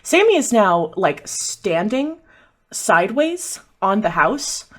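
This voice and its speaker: Lady running a tabletop game, chatty, lots of ums, pitch all over. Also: very animated, slow pace. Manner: chatty, many fillers. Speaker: game master.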